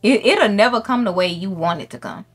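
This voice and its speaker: A woman streamer giving loud, profane, excitable commentary while playing a game, shrieking when something startles her. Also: mid-range voice, brisk, husky, faint music behind. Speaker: gaming streamer. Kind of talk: let's play commentary.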